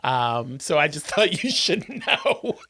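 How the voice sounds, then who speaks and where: A man's voice: a little high, big pitch swings, slow, sharp tone, slightly rough. A man co-hosting a podcast in casual chat, adding wry, teasing asides. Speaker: podcast co-host.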